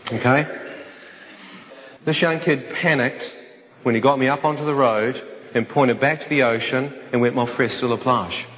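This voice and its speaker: A man's voice: medium pitch, steady tone, moderate pace, pauses often. Man telling a dramatic personal testimony. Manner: vivid storytelling that acts out other voices. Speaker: speaker telling his life story. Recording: dull recording with long hall reverb.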